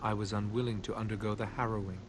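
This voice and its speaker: An actor playing an emotionless Tranquil mage storekeeper, speaking in a flat, detached, formal way in video game dialogue. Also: male voice, lowish voice, fast talker, natural voice. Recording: game audio with steady ambient noise.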